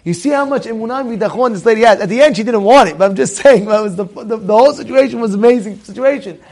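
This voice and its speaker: A man with a high, gravelly voice tells a casual story, full of energy. He keeps circling back, repeating words and restarting sentences as he goes. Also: quick pace, darkish tone. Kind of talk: casual anecdote.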